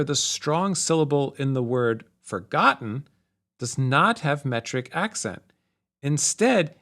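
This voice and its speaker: A man narrating a music theory lesson, explaining in a clear, measured way. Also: a little high.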